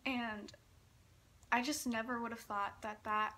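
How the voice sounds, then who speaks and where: A nineteen-year-old woman telling a personal story in a giggly, gushing, breathless way, full of "like" and quick laughs. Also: a little high, fairly even intonation, pushed and bright. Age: young adult. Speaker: vlogger.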